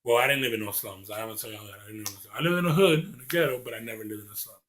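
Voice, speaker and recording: A man's voice: fairly low pitch, rapid-fire, fairly bright tone. A young man from Maryland talking earnestly to camera in a rambling vlog monologue, often stumbling over the starts of his sentences. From Maryland, USA. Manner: earnest, rambling, repeats words when starting a thought. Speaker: vlogger.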